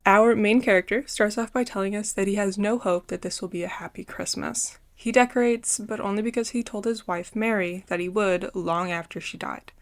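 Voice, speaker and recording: A woman's voice: mid-range voice, moderate pace, few pauses. A woman giving a casual book review, retelling the story in an earnest, heartfelt way.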